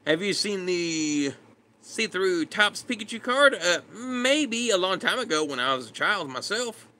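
A man's voice: sits high, lively intonation, a little slow, bright, forceful tone. A man casually chatting with his live stream viewers, laid-back and greeting them by name. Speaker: streamer reading chat.

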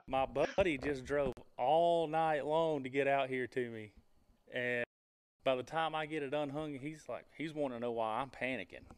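A man hosting a casual podcast, telling a hunting story in a lively way and laughing as he goes. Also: mid-range voice, clean tone.

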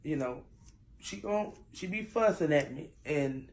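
A woman's voice: deep voice, expressive, a little slow, a little mellow. A middle-aged woman, a mother chatting casually to her viewers while doing her daughter's hair, rambling and full of asides. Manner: rambling, talks straight to viewers with frequent asides.

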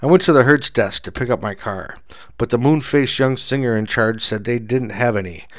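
A man narrating a first-person story as an audiobook in a dry, measured, low-key voice.

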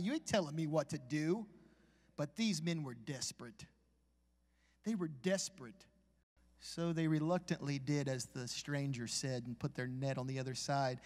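A fairly high-voiced man preaches live in a church, his words ringing out under a long hall reverb. He mixes folksy jokes and asides with scripture reading. He climbs from easy conversation into loud, urgent exhortation. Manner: builds from conversational to shouted exhortation. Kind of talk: live sermon. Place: church sanctuary.

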